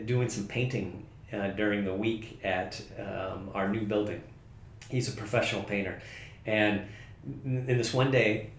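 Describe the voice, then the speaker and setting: A man's voice: lowish voice, echoey room, slight background noise. A man preaching a casual, conversational sermon as pastor, often correcting himself and laughing at his own slips.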